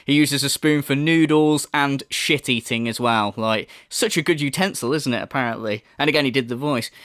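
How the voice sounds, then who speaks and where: A man's voice: medium pitch, normal speed, hardly any pauses, a bit bright, dry recording, studio quality. A man hosting a sarcastic commentary, swearing often and mocking what he reacts to. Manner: mocking, laughing, swearing, mimics voices. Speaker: commentary channel host.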